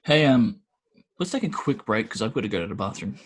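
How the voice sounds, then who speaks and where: Man, laid-back, jokey, somewhat husky voice, podcast banter. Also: fairly low pitch, lively intonation, fairly quick. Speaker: podcast co-host. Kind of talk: casual chat.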